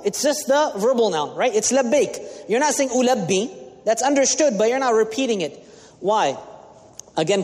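Imam, male, high voice, teaching sermon with Arabic glosses, long hall reverb. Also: a little mellow. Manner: explains Arabic terms with English glosses, asks the audience questions. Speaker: imam giving a talk.

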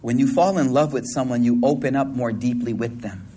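A man's voice: mid-range voice, brisk, dark tone, slight background noise. A man preaching a sermon to a congregation in a hall, talking in a casual, slangy way with playful asides.

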